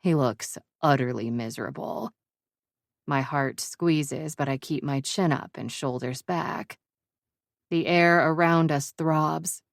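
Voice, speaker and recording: Low, slow woman narrating a romance audiobook. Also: gravelly, no echo, studio quality.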